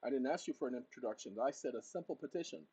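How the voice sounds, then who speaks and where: A man hosting his own channel, giving spoken commands to a voice assistant and walking viewers through a document on screen, switching between loud orders and quiet asides. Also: very fast, slightly rough, rough recording. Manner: talks to a voice assistant in bursts, then explains to viewers; shouts commands, then drops to a low aside. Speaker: channel host. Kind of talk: casual screen-share walkthrough.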